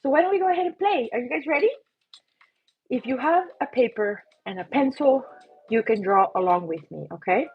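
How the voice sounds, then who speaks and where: Chatty woman on a livestream, kinda high voice, throat all scratchy, muffled audio. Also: expressive, a little fast, breathy edge, soft background music. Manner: bubbly, chatty, self-mocking. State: coughing, itchy throat. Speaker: livestream host and app creator. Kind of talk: casual livestream chat.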